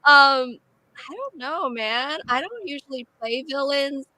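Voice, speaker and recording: A woman's voice: sits high, expressive, slow, bright, forceful tone, dry recording, poor audio. A woman who voices characters, chatting on a video call, giggly and self-deprecating. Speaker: voice actor guest. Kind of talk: casual panel chat.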